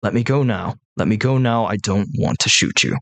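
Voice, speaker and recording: A man voicing a big, reluctant male hippo gunman who pleads in low tones in a tabletop game. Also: moderate pace, no echo, lightly acted. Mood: pleading.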